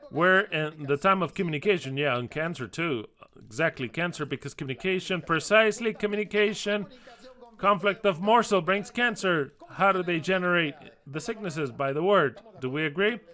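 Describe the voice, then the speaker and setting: Preacher, male, Spanish accent, emphatic and repetitive, bright tone. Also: a little high. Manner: animated, emphatic, repetitive with frequent restarts. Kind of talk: sermon.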